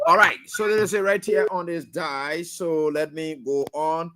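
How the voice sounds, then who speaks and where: A man hosting a call-in radio show, casual and brisk as he juggles callers. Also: a little high, fairly even intonation, a crowd in the background. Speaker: radio talk show host.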